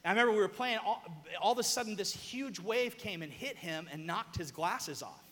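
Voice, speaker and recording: Young male preacher from the American South, high and bright, animated storyteller who breaks into shouts. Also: brisk. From southern United States. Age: young adult. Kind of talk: sermon. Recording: long hall reverb.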